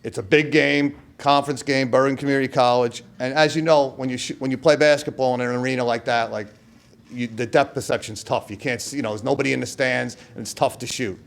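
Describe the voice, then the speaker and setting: A middle-aged man delivers an acceptance speech. His voice sits in an ordinary middle register, and he tells stories in a loose, conversational way, breaking into loud impressions of his coach. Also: mid-range voice, steady tone, fairly quick, creaky. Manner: storytelling, acts out quoted coach with loud outbursts. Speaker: hall of fame inductee giving acceptance speech. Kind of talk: speech at a podium.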